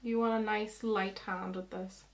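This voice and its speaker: A woman's voice: mid-range voice, level tone, unhurried. A young woman, chatting through a makeup tutorial as a beauty vlogger, explaining each step.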